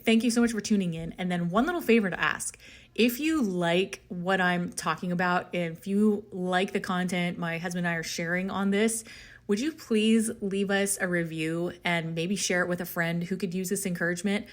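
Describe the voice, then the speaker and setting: Her voice lowish and her pace moderate, a podcast host chats while hiking up a hill outdoors, out of breath and recorded on a phone. She rambles casually in an upbeat, encouraging stream of consciousness, with no echo.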